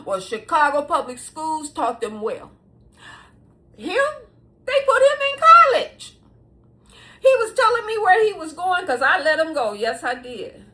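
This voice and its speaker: Brief: middle-aged woman vlogger, high bright voice, lively lecturing tone, laughs through her points. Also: a little slow. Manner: animated, preachy, laughs mid-sentence, addresses viewers as y'all. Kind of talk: casual advice monologue to camera.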